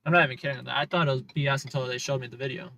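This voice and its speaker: A man's voice: mid-range voice, steady tone, racing, creaky, pushed and bright, a little hiss or hum, rough recording. A man livestreaming casual, sarcastic commentary from inside his car as he drives city streets, complaining about other drivers.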